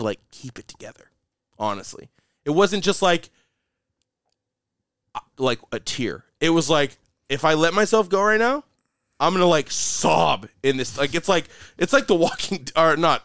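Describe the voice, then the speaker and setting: With a fairly high, fairly bright voice that sounds clear and resonant, a young man hosts a podcast in casual, animated chat. He swears often and keeps saying "like" and "dude," and the dry recording has clean studio sound.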